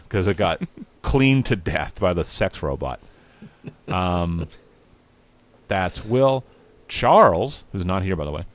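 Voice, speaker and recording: Rambling, profane low-voiced male storyteller. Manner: rambling, profane, laughing at his own jokes. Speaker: podcast host. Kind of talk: improvised comedic storytelling. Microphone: remote recording.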